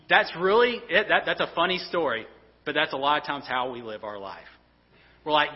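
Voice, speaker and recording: A man's voice: on the high side, animated, a little fast. Man preaching, earnest, stumbling restarts, long hall reverb, dull sound. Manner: earnest, repeats words and restarts often. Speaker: pastor. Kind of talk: sermon.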